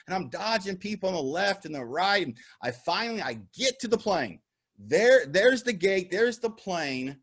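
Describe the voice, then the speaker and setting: Upbeat male keynote speaker on a video call, animated storyteller who laughs at his own jokes, bright, swinging delivery. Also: high-pitched. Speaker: motivational speaker. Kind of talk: virtual keynote talk with storytelling.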